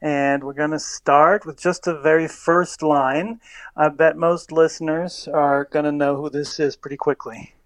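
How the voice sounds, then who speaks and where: A man, a linguistics professor, explaining speech patterns in a measured way as a radio interview guest. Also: a little high, steady tone, a bit bright, dry recording.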